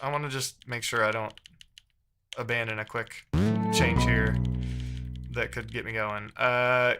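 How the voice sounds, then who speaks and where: A man with a medium-pitched, sharp-toned voice live-streams while he codes. He talks casually and reads the chat aloud, muttering in frustration.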